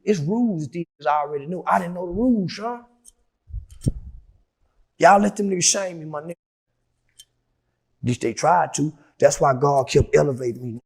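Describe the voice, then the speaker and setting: A middle-aged man telling a story as an interview guest, profane and heated, dropping to low mutters and then shouting. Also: normal speed, vocal fry, long pauses, husky.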